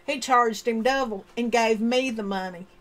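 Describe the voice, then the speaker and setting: High-voiced woman telling a personal story. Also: normal speed. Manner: animated, expressive, acts out remembered dialogue. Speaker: storyteller sharing personal experience.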